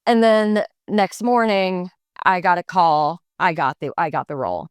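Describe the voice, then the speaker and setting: A woman in her twenties chats animatedly as a podcast guest, full of fillers and restarts. Her voice sits on the low side and comes across smooth and clear. The sound is close and dry. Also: measured pace, dry recording. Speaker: actor guest. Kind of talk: casual interview storytelling. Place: podcast studio.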